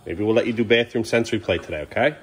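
Rapid-fire and fairly low in pitch, a father narrates a home family vlog from the kitchen, coaxing then firmly correcting his children. He tosses chatty asides to the camera, with a little hiss or hum in the background.

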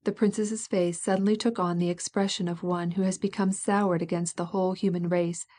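A woman narrating a classic novel aloud in a measured, steady manner. Her voice is mellow and warm, with a soft, dark tone. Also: lowish voice. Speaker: audiobook narrator. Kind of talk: scripted audiobook narration.

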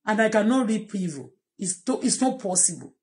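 A woman's voice: mid-range voice, expressive, fairly quick, a little mellow. A middle-aged woman with a Nigerian accent, talking in an impassioned, repetitive, pleading way in a personal vlog. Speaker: vlogger.

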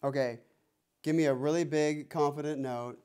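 Teasing drum teacher counting beats. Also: male voice, on the high side, steady tone, normal speed. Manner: playful, teasing, mock-threatening. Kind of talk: one-on-one music lesson. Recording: noisy room with drum clicks.

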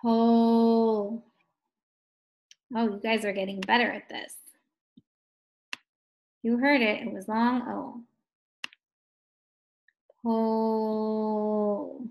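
A woman's voice: medium pitch, steady tone, unhurried, gravelly, pauses often, slight background noise. A woman teaching a recorded phonics lesson to first graders, sounding out words and praising the children.

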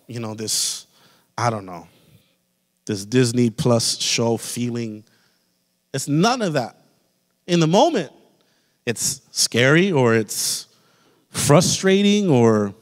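A man in the pastor's role preaching a sermon with an American accent, building to forceful emphasis and asking repeated rhetorical questions. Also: medium pitch. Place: church sanctuary. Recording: long hall reverb.

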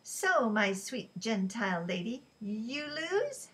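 A playful, teasing sailor man who needles his friends in stiff, formal phrasing, as a woman reads him aloud. His voice lifts high with glee when he gloats. He is a figure from a storybook reading. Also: very animated, slow pace, a bit bright, heavily acted, low-quality recording. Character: jovial teasing male sailor, fond of chess.

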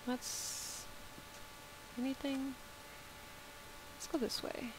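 Playing a video game, a woman gives casual, playful commentary and talks to the animals on screen. Her voice is high-pitched and level, with drawn-out words, and background noise is clearly audible.

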